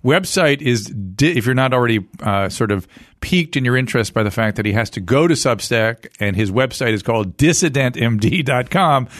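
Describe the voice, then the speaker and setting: A man in his sixties hosting a podcast, talking in a quick, animated way with frequent self-corrections. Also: medium pitch, no room sound, studio quality. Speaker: podcast host. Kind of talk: casual conversational interview.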